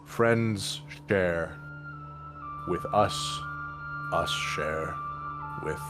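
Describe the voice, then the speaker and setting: A man voicing a cautious, gentle male troll chieftain who talks in short broken phrases in a tabletop game. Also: sits low. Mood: halting. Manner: halting broken speech, a few words at a time. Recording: background music.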